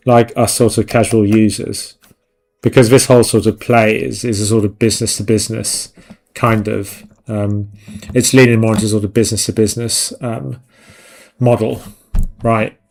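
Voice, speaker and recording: A man's voice: fairly low pitch, level tone, moderate pace, creaky, a little mellow. A man chatting casually and swearing while he paints on a live stream, rambling and self-mocking. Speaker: digital art streamer.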